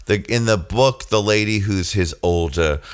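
A man's voice: lowish voice, moderate pace, clean tone. A man co-hosting a casual podcast, playful and teasing with campy asides. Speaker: podcast co-host.

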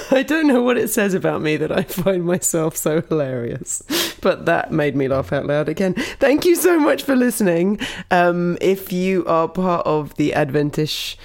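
A woman's voice: lowish voice, lively intonation, a little slow, creaky, a little mellow, faint music behind. A woman in her thirties introducing a story in a casual, giggly, chatty way as a podcast host.

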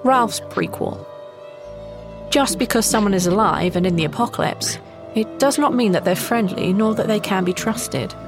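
A woman giving a measured, reflective scripted narration. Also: medium pitch. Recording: narration over loud music.

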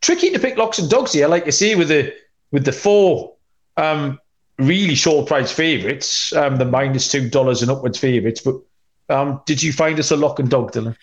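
A man's voice: a little high, normal speed. A man hosting a sports betting podcast, chatty and rambling with many ums, tossing in cheeky asides. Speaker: podcast host, betting analyst.

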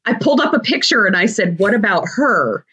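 A woman's voice: medium pitch, big pitch swings, brisk, husky, poor audio. A woman guest in a casual interview chat, telling stories and laughing easily. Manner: warm storytelling, laughs easily. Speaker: guest, TV shopping host.

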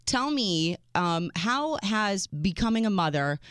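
A woman's voice: medium pitch, sing-song, slow, clean tone, no room sound, studio quality. A woman co-hosting a radio talk show, bubbly and teasing in a playful chat, raised in the United States in a Serbian family.

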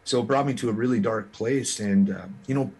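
In an interview, a Canadian musician guest speaks in a mid-range voice that is a little mellow and slightly rough. He tells his story with earnest frankness and quick restarts.

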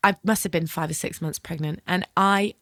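Animated woman, dry close sound. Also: fairly low pitch, moderate pace, vocal fry, dry recording. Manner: animated, acts out dialogue, casual swearing, laughs often. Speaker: podcast host. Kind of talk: lively personal storytelling in conversation.

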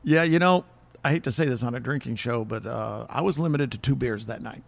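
Gravelly man reminiscing haltingly. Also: medium pitch, no echo. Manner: halting, self-deprecating, many restarts. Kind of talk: casual chat.

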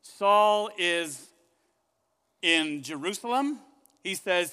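A male pastor preaching a sermon in a high, bright, forceful voice. He talks in an animated way and keeps putting questions to his congregation. A long hall reverb trails each phrase. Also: normal speed.

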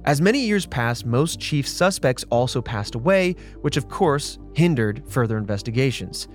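A man's voice: medium pitch, lively intonation, normal speed, soft background music. A man hosting a podcast, telling a true-crime case in a casual, chatty way and acting out quotes. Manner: conversational storyteller, acts out quotes. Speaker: podcast host.

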